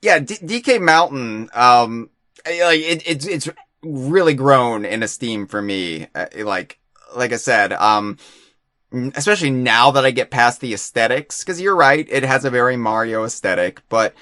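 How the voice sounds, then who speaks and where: A man's voice: medium pitch, animated, normal speed, sharp tone, no echo, studio quality. A man hosting a podcast in casual chat, rambling and self-deprecating, often stumbling over his words. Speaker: podcast host.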